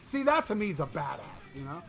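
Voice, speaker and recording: High, bright-voiced man ranting profanely. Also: big pitch swings, brisk, gravelly, soft background music. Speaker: podcast co-host reviewing an album. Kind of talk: casual chat.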